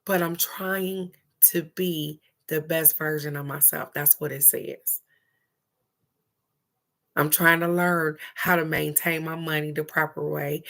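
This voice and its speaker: A woman's voice: deep voice, fairly bright tone. A woman doing a casual live-stream card reading, chatty and affectionate, laughing often and calling out to viewers by name.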